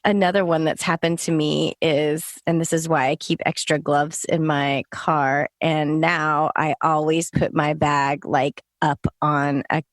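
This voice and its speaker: A woman co-hosting a podcast, telling animated stories with lots of laughter. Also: sits low, a little slow, hardly any pauses, no echo. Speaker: podcast co-host, lactation consultant. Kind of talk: casual podcast chat.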